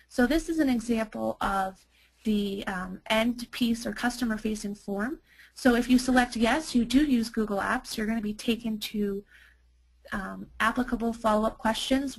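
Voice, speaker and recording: A woman working as a marketer, presenting a software demo in an enthusiastic, chatty way with frequent ums. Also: a little high, vocal fry, poor audio.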